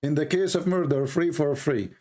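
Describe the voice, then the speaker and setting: A man's voice: a little high, normal speed, warm tone. A man who is losing his voice, hosting a call-in debate, pressing the caller and repeating his questions. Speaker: debate host.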